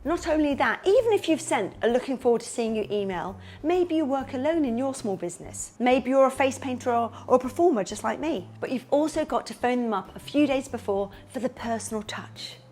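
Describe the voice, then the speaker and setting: A woman's voice: high-pitched, brisk, hardly any pauses, a little hiss or hum. A woman giving casual business advice, jumping into comic voices for pretend phone calls. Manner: lively, switches into comic voices. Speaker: kids party entertainer and business coach.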